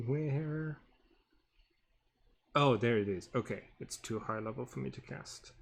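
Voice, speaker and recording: A man running a tabletop game as game master, talking haltingly with many fillers and humming to himself. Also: medium pitch, vocal fry, slight background noise. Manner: halting, full of fillers, hums while working.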